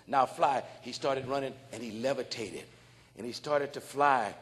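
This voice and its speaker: A man giving a conference keynote, telling a story in a dramatic preaching style that swings from soft to shouting. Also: mid-range voice, moderate pace, husky. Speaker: keynote speaker. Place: large conference hall. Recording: long hall reverb.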